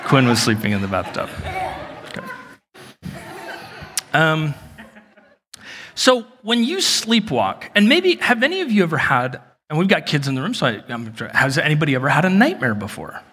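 A man in his thirties preaching a sermon in a church hall, telling stories with lively acted-out moments. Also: fairly high pitch, moderate pace, pauses often, husky. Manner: animated storytelling, acts out shouted quotes. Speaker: pastor. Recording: long reverb of a large hall.

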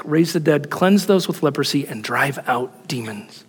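A man preaching a sermon in an animated, emphatic way, asking rhetorical questions. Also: fairly high pitch, moderate pace, hardly any pauses, slightly rough, big-room sound. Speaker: pastor.

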